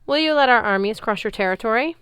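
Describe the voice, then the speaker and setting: A woman voicing a cold, scheming young man who speaks calmly and formally, in a storybook reading. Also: a little high, fast talker, dry recording, voice pushed up. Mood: smug. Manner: smooth, calm, formal.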